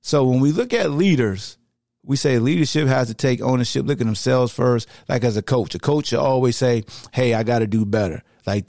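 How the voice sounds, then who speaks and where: Animated man ranting on a podcast. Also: medium pitch, no echo, clean studio sound. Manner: animated, slangy, heated ranting. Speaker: podcast host. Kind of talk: podcast sports rant.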